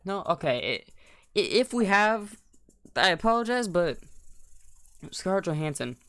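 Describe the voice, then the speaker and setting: A man's voice: high voice, unhurried, clear, resonant tone, dry recording. Young man rambling on a dry mic. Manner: rambling, restarts, slangy, animated when incredulous. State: voice cracking. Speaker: podcast co-host. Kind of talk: casual chat.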